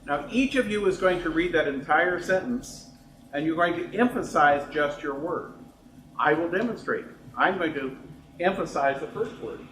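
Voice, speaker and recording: A man with a slightly high voice co-leads a workshop, joking and acting out his examples. The room is echoey, with faint noise behind him. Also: expressive, normal speed, a bit bright, recorded from a distance. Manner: jokey, demonstrating, banters with co-presenter. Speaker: workshop presenter. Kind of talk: lunchtime workshop talk.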